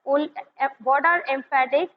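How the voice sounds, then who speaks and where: High-voiced woman teacher. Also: fairly even intonation. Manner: explains slowly with many fillers, switches into Hindi to clarify. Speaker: school English teacher. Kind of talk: classroom grammar lesson. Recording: muffled lo-fi recording with faint noise.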